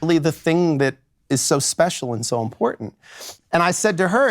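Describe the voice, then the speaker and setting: A man's voice: on the high side, sing-song, moderate pace, dry recording, studio quality. A man working as a divorce lawyer, telling a story in a chatty way full of fillers. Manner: chatty, many fillers like "like" and "you know". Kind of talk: anecdotal storytelling.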